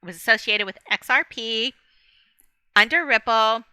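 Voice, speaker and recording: Bright, chatty woman vlogger. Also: a little high, normal speed, clean tone, dry recording. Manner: chatty, rambling, laughs often, speaks to viewers directly. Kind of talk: casual rambling monologue to camera.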